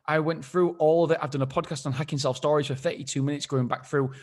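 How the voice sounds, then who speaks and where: A man's voice: fairly high pitch, fairly even intonation, fast talker. A man hosting a casual solo podcast, rambling and self-deprecating, often repeating himself as he talks things through. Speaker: podcast host.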